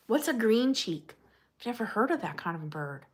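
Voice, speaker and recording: A woman hosts a relaxed live stream with a bright, clear voice. She chats with viewers by name and gushes openly. Her tone is friendly and unscripted. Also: mid-range voice, brisk. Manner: chatty and gushing, answers viewers by name, frequent laughs. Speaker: livestream host. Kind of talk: casual live-stream chat reading viewer comments.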